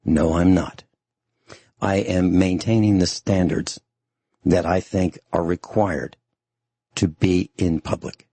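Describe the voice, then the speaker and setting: A deep, gravelly man delivers a stern radio talk show monologue. His voice is husky and close in a dry studio sound, and he hammers his points by repeating them. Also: fairly even intonation, a little slow, mellow, no room sound.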